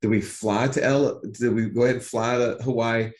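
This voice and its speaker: Animated man telling a story, roomy sound. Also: mid-range voice, moderate pace. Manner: animated, repeats himself, acts out quotes. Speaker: podcast co-host. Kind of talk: casual storytelling chat.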